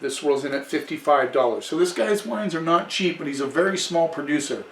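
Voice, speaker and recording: A man's voice: a little high, expressive, fairly quick, distant mic, slight background noise. Chatty man reviewing wine in an echoey room. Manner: chatty, restarts and self-corrections. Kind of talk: casual wine tasting review. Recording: echoey room, away from the mic.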